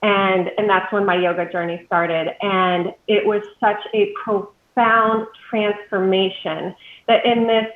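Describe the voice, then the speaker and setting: A woman's voice: medium pitch, flat delivery, slow, echoey room, phone-quality sound. A woman yoga teacher joining a casual chat, speaking in an upbeat way.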